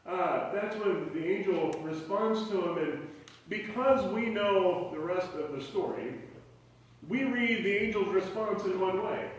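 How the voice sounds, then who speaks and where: Chatty pastor in echoey hall. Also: male voice, sits high, moderate pace. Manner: rambling, chatty, many fillers and restarts. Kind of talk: conversational sermon. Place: church sanctuary. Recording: very echoey hall, voice far from mic.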